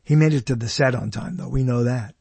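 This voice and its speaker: A man's voice: medium pitch, brisk, gravelly, warm tone, husky, dry recording. A man hosting a radio show, rambling casually and laughing at himself as he goes.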